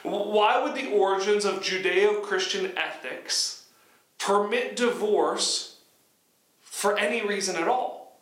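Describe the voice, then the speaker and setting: Preacher, male, high bright voice, conversational sermon delivery with stumbling restarts, echoey room. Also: takes it slowly. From United States. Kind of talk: sermon teaching.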